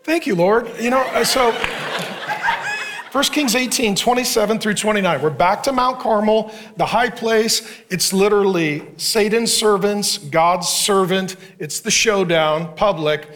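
Male pastor, high-ish voice, sermon delivery with a sarcastic comic streak. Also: a bit bright. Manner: humorous, sarcastic preaching with quick asides.

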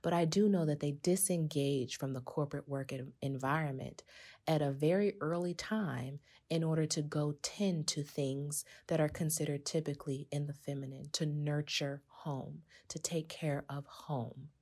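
Low-voiced woman podcast host. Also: moderate pace. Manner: animated, conversational, addresses listeners as sis. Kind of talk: casual podcast monologue.

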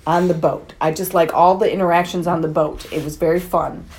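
A woman's voice: lowish voice, steady tone, fairly quick, a little mellow, a little hiss or hum. A woman hosting a casual movie review podcast, talking frankly, swearing now and then and laughing often. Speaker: podcast host.

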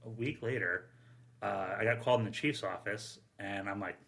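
A firefighter and former union president telling casual stories on a podcast, rambling and acting out the dialogue. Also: male voice, fairly low pitch, moderate pace, gravelly, a bit bright. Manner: rambling anecdotes, acts out quoted dialogue.

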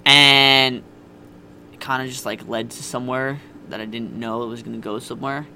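A man's voice: medium pitch, steady tone, normal speed, background noise. A young man casually telling a candid, profane personal story on a podcast. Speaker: podcast guest.

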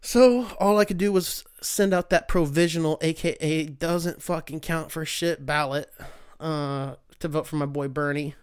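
A man's voice: a little high, unhurried, hardly any pauses, clean tone, no echo, studio quality. A young man, hosting a casual solo talk show in a profane, rambling, sarcastic way. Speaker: podcast host.

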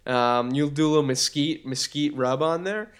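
A young man with a faint Boston accent co-hosts a podcast in casual chat. He rambles and piles on fillers, and his voice sits slightly higher than most men's. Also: normal speed, smooth. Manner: animated, rambling, lots of fillers. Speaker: podcast co-host.

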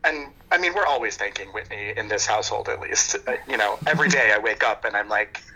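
A man's voice: fairly low pitch, fast talker, sharp tone. A man called in as a guest on a phone line, talking in an effusive, laughing, casually profane way. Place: at home. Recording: phone line with faint hiss.

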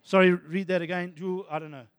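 A man preaching a sermon as pastor, animated and excitable, dropping to soft asides at times. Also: high voice, fairly quick, no echo, in a large hall.

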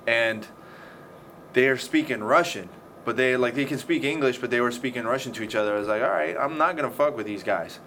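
A man's voice: mid-range voice, a little fast, pushed and bright. A man telling a story in casual chat, swearing often and acting out the scenes. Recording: faint background noise.

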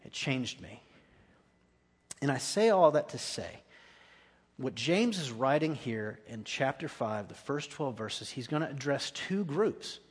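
A man preaching a guest sermon in a church, earnest and dropping to quiet intensity at key points. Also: medium pitch, big pitch swings, slow pace, long pauses, husky. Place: church sanctuary. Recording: long echoey hall reverb.

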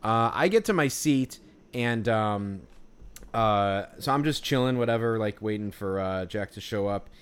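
A man's voice: on the low side, lively intonation, unhurried, clear, resonant tone. A man telling a story in casual chat, rambling with many fillers and restarts. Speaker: podcast co-host.

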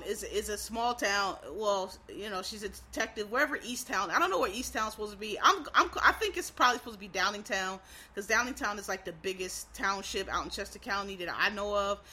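A woman's voice: mid-range voice, sharp tone. A woman from Philadelphia with a faint Philadelphia accent, chatting casually and rambling with frequent fillers and restarts. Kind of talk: casual chat.

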